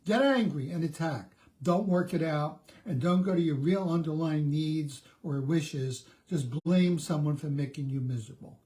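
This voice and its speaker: A man's voice: a little high, normal speed, hardly any pauses, warm tone. A middle-aged man, a therapist, giving a conversational self-help talk, often restarting and repeating words.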